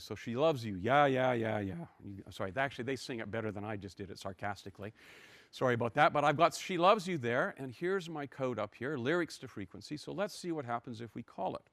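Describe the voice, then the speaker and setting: A man's voice: mid-range voice, fairly bright tone, dry recording. Older man lecturing through code. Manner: wry, self-deprecating, talks through code step by step. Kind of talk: university lecture.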